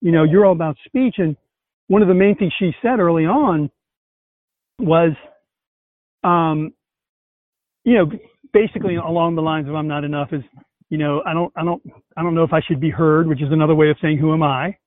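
Upbeat male host, higher voice, thin phone-like call audio. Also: brisk, long pauses, dry recording. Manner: enthusiastic, animated storytelling. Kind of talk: casual conversation. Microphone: video call. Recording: tinny call audio, dry.

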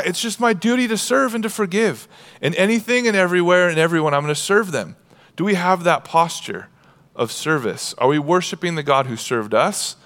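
A male pastor preaching a sermon, animated, moving between hushed passages and shouting. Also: a little high, long reverb tail. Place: church sanctuary.

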